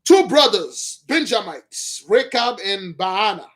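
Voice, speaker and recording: High-voiced man retelling a Bible story. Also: animated, slow pace. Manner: acts out characters, shouts and laughs; loose, slangy retelling with restarts. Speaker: preacher.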